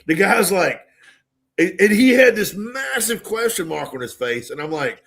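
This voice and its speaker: Animated, swearing sounding man. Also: high-pitched, moderate pace, gravelly. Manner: animated storyteller, swears freely, acts out other voices. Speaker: podcast co-host. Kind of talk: casual storytelling chat.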